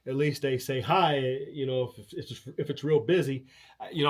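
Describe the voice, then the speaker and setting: A man's voice: medium pitch, a little fast. A man hosting a show, telling a rambling, casual story with many fillers, restarts and casual swearing. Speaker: show host.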